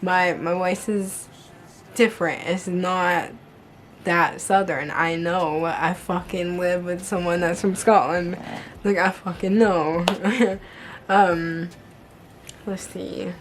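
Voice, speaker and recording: A woman's voice: fairly low pitch, steady tone, takes it slowly, slight background noise. A young woman vlogging to camera, telling work stories bluntly, with heavy swearing and constant "like". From United States. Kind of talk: casual storytelling to camera.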